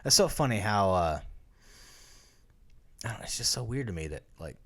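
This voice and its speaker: A man's voice: fairly low pitch, sing-song, normal speed, a bit bright, husky. Lage, rommelend pratende man. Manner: rambling, profane, laughs often. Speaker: podcast co-host. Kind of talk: casual chat.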